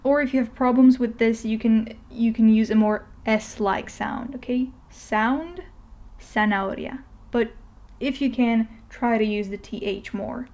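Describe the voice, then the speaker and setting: Teacher, woman, higher-pitched and mellow, patient step-by-step explainer for a lesson voice-over. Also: steady tone, unhurried. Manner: patient, explains step by step with frequent "okay?" checks. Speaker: language teacher. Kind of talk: narrated language lesson.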